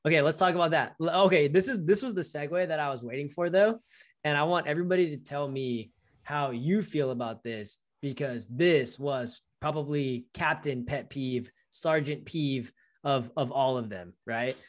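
A young man co-hosting a casual chat, telling stories in an animated way and acting out the lines of people he quotes. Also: on the high side, normal speed. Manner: animated storytelling, acts out quoted dialogue. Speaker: podcast co-host.

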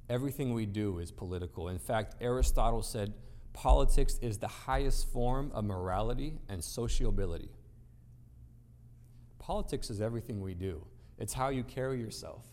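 A man with a fairly low, slightly mellow voice preaches a sermon to an assembled crowd. He is emphatic and rhetorical, posing questions and using repetition to build his points. The recording has the long reverb of a large hall.

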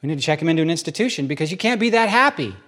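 A male church teacher with a slightly high voice delivers a conversational sermon. He is earnest and animated, and he tells stories energetically to a gathering. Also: racing.

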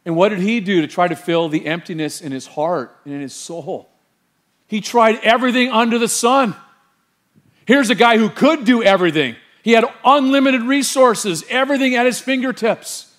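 Man pastor, middle-aged, high-pitched, animated sermon delivery. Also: normal speed. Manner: animated, quizzes the congregation with rhetorical questions.

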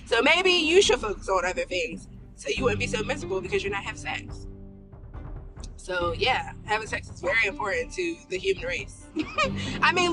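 A woman hosting her own podcast, talking frankly in slangy casual speech and laughing often. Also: sits high. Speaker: podcast host. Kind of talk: casual solo podcast talk.

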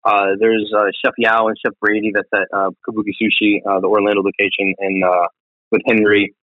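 A man's voice: lowish voice, level tone, a little fast, no room sound. A man, a chef, chatting casually as a guest, rambling with many fillers and restarts. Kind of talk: casual interview chat. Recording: tinny phone-like dry sound.

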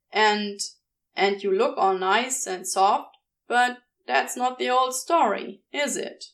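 A woman reading a podfic, voicing a guarded, sardonic man who speaks haltingly and corrects himself. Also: fairly high pitch, a bit bright, far from the mic. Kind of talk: audiobook reading.

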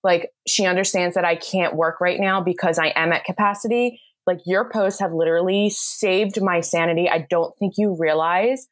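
A woman's voice: on the low side, fairly even intonation, moderate pace, few pauses. A woman, a bridal makeup artist from the United States, talking in a casual, effusive way as a podcast guest. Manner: effusive, talkative, laughs often. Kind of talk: casual interview chat.

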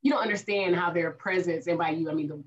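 A woman co-hosting a casual podcast, animatedly retelling a TV episode with drawn-out asides. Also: lowish voice, slight background noise. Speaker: podcast co-host. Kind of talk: casual chat recapping a TV episode. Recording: distant, dull lo-fi sound.

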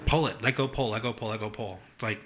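A young man, a podcast co-host, telling a family story in casual chat, animated, swearing and acting out quotes. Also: on the low side, fast.

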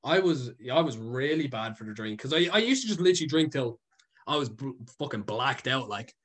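Very animated, with a medium pitch, fairly bright tone, and fairly quick pace, a young guest who creates content tells a casual, rambling story. He laughs often and relies heavily on fillers and swearing.

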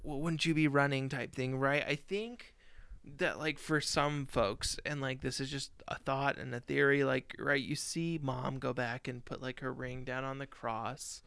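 Gravelly man rambling in casual chat. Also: mid-range voice, fairly even intonation, unhurried, a bit bright, no echo. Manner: rambling, lots of "like" fillers, tells personal stories. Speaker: podcast co-host. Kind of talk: casual film review chat.

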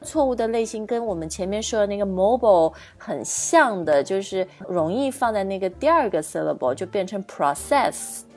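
A woman's voice: medium pitch, animated, a little fast, few pauses, darkish tone. A woman co-hosts a bilingual podcast lesson. She explains pronunciation patiently and keeps checking that listeners follow. Faint music sits under her voice. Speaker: English pronunciation teacher, co-host.

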